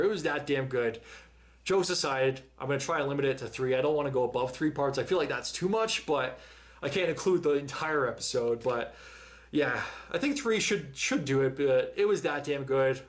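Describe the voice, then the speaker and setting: A man's voice: fairly high pitch, animated, fairly quick. A man talking casually to camera after a TV episode, chatty, often repeating and restarting his words. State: out of breath. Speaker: reaction channel host. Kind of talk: casual reaction commentary.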